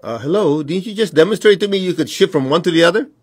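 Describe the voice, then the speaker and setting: A man's voice: sits high, expressive, fast, slightly rough, no echo, clean studio sound. A man teaching his followers in a blunt, direct way, with short laughs between points. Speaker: spiritual teacher.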